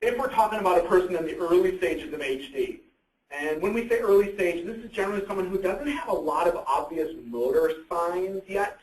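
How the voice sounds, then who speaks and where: A man's voice: sits high, brisk. A man giving a conversational educational presentation, often asking a question and then answering it himself. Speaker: presenter on psychiatric issues. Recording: echoey room.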